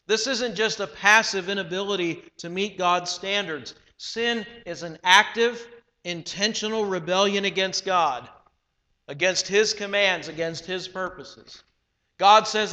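High-voiced preacher in a reverberant hall. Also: male voice, sharp tone. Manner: measured, emphatic preaching with slowed phrases. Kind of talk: sermon.

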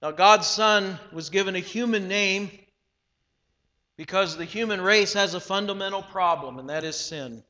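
Male preacher, high bright voice, slow deliberate delivery, echoing hall. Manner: measured, emphatic preaching with slowed phrases. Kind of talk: sermon. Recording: long hall reverb.

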